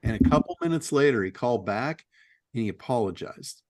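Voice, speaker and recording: Animated man, blunt and laughing. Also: mid-range voice, a little fast, dry recording, studio quality. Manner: blunt, laughs often, mild swearing. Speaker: host of a business call. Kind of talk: casual chat, telling stories and giving advice.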